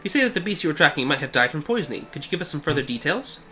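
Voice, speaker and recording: A man's voice: on the high side, very animated, rapid-fire, bright, forceful tone. A man reading a boastful hunter's lines in a self-assured storytelling manner. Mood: plain. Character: boastful male hunter telling a tale.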